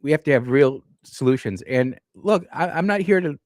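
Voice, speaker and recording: A man's voice: on the high side, lively intonation, moderate pace, no echo, clean studio sound. Fired-up male talk radio host. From Mississippi. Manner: passionate, repeats himself, restarts sentences when fired up. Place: radio studio.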